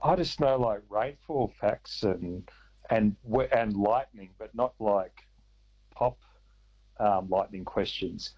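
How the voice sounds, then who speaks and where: A man's voice: lowish voice, takes it slowly, breathy edge. A man calling into a radio quiz, self-mocking and hesitant. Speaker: caller. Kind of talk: casual phone-in chat. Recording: dull phone line.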